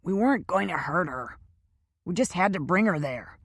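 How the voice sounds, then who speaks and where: A man's voice: sits high, lively intonation, normal speed, a bit bright, slightly rough, no room sound, clean studio sound, full character voice. A woman doing a battered man crying out in pain. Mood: fearful. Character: battered male captive, frightened and defiant.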